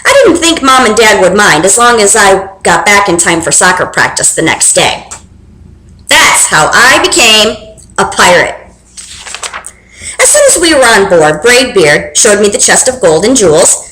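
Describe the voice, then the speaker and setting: A young woman reading a children's book aloud with expressive, animated storytelling. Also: medium pitch, measured pace, slight background noise. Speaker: reader. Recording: roomy echo.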